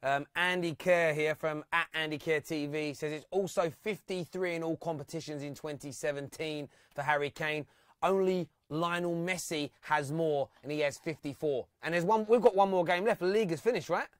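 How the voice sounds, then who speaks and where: A man's voice: on the high side, moderate pace, smooth, dry recording, clean studio sound. A man hosting a live football phone-in, chatting with callers and reading out fan comments and stats.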